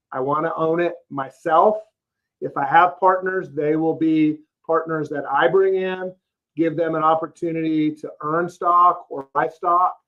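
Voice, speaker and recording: A man in his fifties from Texas, a roofing company CEO telling his career story as a guest in a casual interview, plain-spoken and folksy. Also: fairly high pitch. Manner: plain-spoken, folksy, lots of "uh" and "you know". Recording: slightly dull, lo-fi podcast audio.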